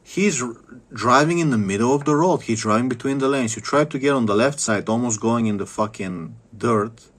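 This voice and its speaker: A man's voice: medium pitch, normal speed. A man delivering an angry, profane vlog rant, bitter and repeating phrases for emphasis. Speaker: vlogger. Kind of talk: angry ranting monologue.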